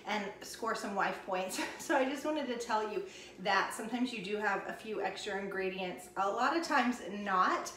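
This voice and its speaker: A woman's voice: medium pitch, moderate pace, fairly bright tone, distant mic, a little hiss or hum. Chatty woman in an echoey kitchen. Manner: chatty, folksy, addresses viewers as y'all. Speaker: cooking vlogger. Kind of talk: casual cooking vlog. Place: home kitchen.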